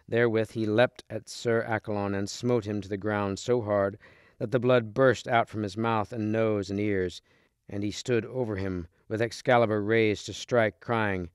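A man reads a storybook aloud in a lowish, smooth and clear voice. His narration is steady and even, recorded close and dry with no room sound. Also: normal speed, no echo. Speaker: reader. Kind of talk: storybook reading.

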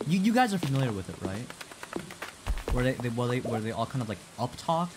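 A young male streamer talks casually to his chat, rambling, restarting lines and swearing. His pitch swings up and down a lot. A clear layer of background noise runs under the voice. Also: big pitch swings, a little fast.

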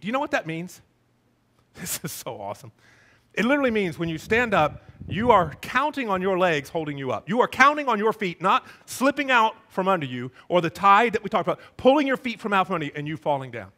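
High-voiced, emphatic male preacher. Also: sing-song, fast talker, pushed and bright. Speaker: pastor. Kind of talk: sermon.

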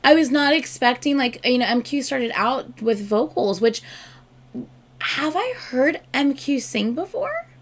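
A woman's voice: high voice, sing-song, a little slow. A woman reacting to a music video in casual, chatty commentary, gushing and swearing freely.

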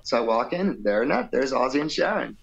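A man spins a loose, conversational tale as an interview guest, full of fillers and asides. He drops into playful put-on voices whenever he quotes someone, and his pitch sits right in the middle for a man. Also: fast talker, gravelly, dull audio, over a noisy crowd. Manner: animated, playful, acts out quotes with shifting voice; laid-back, rambling with fillers and "you know". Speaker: rock vocalist guest. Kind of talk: casual storytelling interview.

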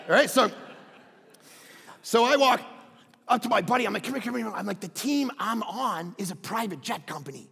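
A man's voice: high-pitched, vocal fry, slightly rough, in a large hall. A man preaching a sermon as pastor, telling a story animatedly and acting out the dialogue. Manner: animated, acts out dialogue in quick bursts. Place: large church hall.

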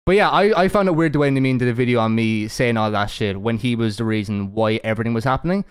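A man hosting a casual podcast chat, ranting with heavy swearing and quick to laugh. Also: medium pitch, clear, resonant tone. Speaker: podcast host.

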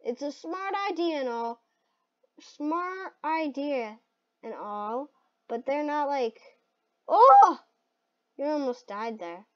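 A high-voiced woman calls out a party game as she plays, her pitch leaping all over as she reacts. She shrieks and laughs at every close call, yet her talk runs unhurried between bursts. The sound comes through a dull, lo-fi mic. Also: animated, a little mellow. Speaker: gaming video host. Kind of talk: excited gameplay commentary.

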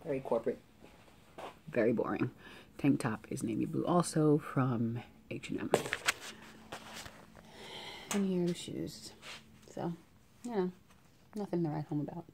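A young woman chats through an outfit vlog with a very low, mellow voice. She rants in an annoyed tone and fills her talk with ums and restarts. Faint ambient noise sits behind her. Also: expressive, unhurried, vocal fry, long pauses. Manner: annoyed, ranting, with many fillers. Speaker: vlogger. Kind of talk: casual vlog chat.

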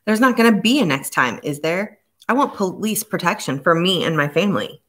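A woman's voice: lowish voice, lively intonation, fairly quick. A woman voicing an angry American father who speaks sharply and icily. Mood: indignant. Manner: sharp and icy.

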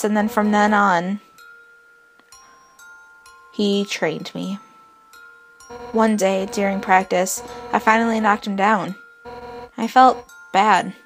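A woman voicing a brash, hot-headed female fish warrior captain from a video game, blunt and boastful with gruff outbursts. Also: medium pitch, lightly acted. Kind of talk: reading game dialogue aloud.

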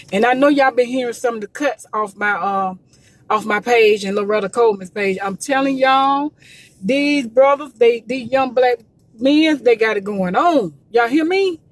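A woman promoting gospel music in a casual livestream, urging listeners with emphatic, repetitive preachy calls. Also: on the high side.

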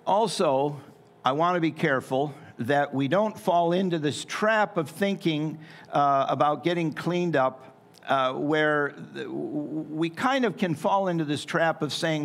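Folksy joking pastor, higher voice. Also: male voice, measured pace, gravelly. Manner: folksy and joking, with playful asides. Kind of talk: sermon. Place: church sanctuary.

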